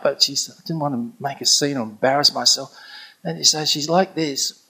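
A middle-aged man, telling a story in an animated way and acting out what others said. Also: a little high, normal speed, slightly rough. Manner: animated, acts out quoted speech. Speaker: pilgrimage companion telling a story. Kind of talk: anecdotal storytelling.

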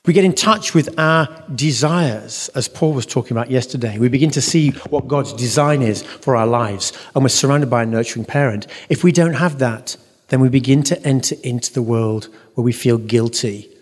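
A man's voice: mid-range voice, moderate pace. A middle-aged man giving an earnest teaching talk at a church conference, acting out voices in his stories. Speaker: Christian teacher. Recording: reverberant hall.

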